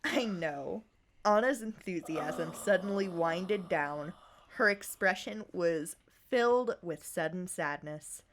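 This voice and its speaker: A woman's voice: on the low side, slow pace, slight background noise. A woman podcast host in casual chat, giggling as she reads her own fan fiction aloud with playful emphasis.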